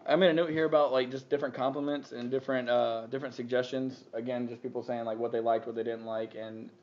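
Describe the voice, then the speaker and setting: A man's voice: mid-range voice, flat delivery, fast talker, darkish tone. A man hosting a podcast, talking casually and swearing a lot as he rambles. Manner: rambling, swearing, laughing often. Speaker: podcast host. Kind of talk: casual crude podcast banter. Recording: muffled lo-fi with faint hiss.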